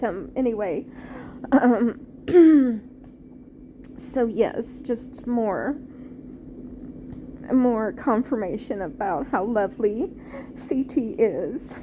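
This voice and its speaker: A woman and former teacher reviewing a film off the cuff, halting and heartfelt, with many fillers and restarts. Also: mid-range voice, lively intonation, dark tone, slight background noise. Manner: tender, heartfelt.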